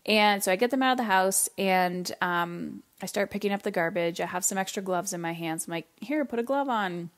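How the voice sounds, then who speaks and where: A middle-aged woman from Canada hosting a parenting podcast, telling a story in a casual, animated way and acting out her family's lines. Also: fairly low pitch, a little fast, hardly any pauses. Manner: animated, acts out family voices, casual swearing.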